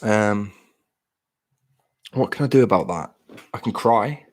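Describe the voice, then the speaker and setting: A man's voice: fairly low pitch, slow pace. A British man in his late thirties to forties, chatting casually and ramblingly to his live stream viewers, self-deprecating. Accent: British English.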